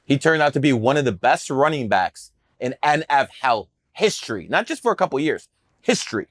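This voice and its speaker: A medium-pitched, sing-song voice moves a little fast, recorded with no echo. The man is a numerologist from the Cleveland area, USA, telling casual podcast stories about his career as a guest, and he's boastful, brash and profane.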